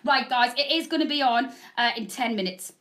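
Woman, 40s, high-pitched and brash live-shopping host, loud chatty patter. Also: brisk. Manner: loud, bubbly, greets viewers by name. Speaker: shopping channel presenter. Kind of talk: live selling stream, chatty. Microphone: proper microphone.

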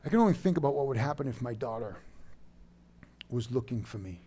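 A pastor in his thirties preaching a sermon, dropping to a soft, low voice and rising to loud, emphatic bursts. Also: lively intonation, a little fast, slight background noise.

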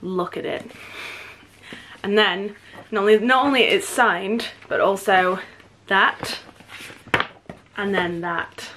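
Young female book vlogger, middle pitch, excitable gushing chat, faint hiss behind. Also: rough recording. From United Kingdom. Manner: gushing and excitable, quick asides. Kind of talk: casual chat.

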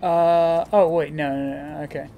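A woman's voice: deep voice, steady tone, measured pace, dull audio, slight background noise. A woman streamer giving casual gameplay commentary, joking around and swearing freely.

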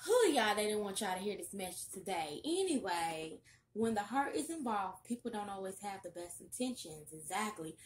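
A young woman giving a casual tarot reading, chatty and sassy with loud bursts of excitement. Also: mid-range voice, normal speed, a little hiss or hum. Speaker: tarot reader.

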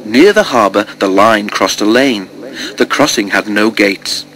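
A man narrating a children's storybook in an even, gentle storytelling manner. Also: on the low side, measured pace, rough recording. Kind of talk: storybook reading.

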